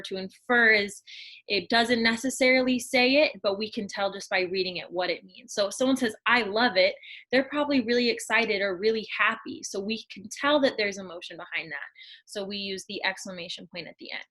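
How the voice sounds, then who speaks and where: Woman teaching little kids, patient and slow, explains every step. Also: mid-range voice, fairly bright tone, poor audio. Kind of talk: classroom lesson for young children.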